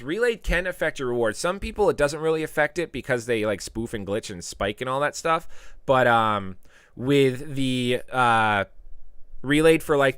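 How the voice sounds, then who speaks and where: A man hosting a casual live stream, reading viewer comments aloud and giving tips, with sudden loud playful outbursts. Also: mid-range voice, clear, resonant tone, no room sound, clean studio sound. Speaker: live stream host answering chat.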